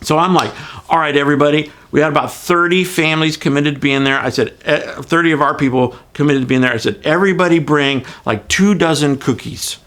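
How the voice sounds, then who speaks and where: A middle-aged man, a pastor telling a personal story in a folksy, animated way with frequent restarts. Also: on the high side, brisk. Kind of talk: devotional storytelling.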